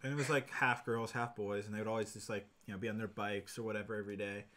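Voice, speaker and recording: A man's voice: lowish voice, steady tone, fast talker, fairly bright tone. A man in his twenties hosting a livestream, telling a rambling story with lots of fillers. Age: 20s. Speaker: livestream host. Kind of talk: casual livestream chat.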